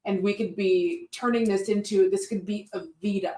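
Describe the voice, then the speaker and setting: A woman playing a comic party game, pitching her case in an animated, playful way. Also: moderate pace, roomy sound, far from the mic, low-quality recording. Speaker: player. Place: hotel room.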